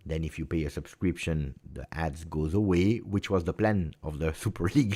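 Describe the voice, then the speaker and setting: A middle-aged man with an Italian accent hosts a casual football livestream. His voice sits low, and he talks in an animated way, repeating phrases for emphasis. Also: normal speed, few pauses. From Italy. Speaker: football channel host. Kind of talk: casual livestream chat with viewers.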